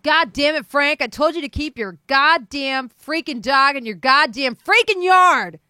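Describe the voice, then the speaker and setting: A woman voicing an angry middle-aged father who shouts and curses at his neighbor, in a dry close recording. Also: very high voice, lively intonation, measured pace, no echo, voice pushed up, full character voice. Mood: furious yelling. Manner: cursing, yelling, accusing.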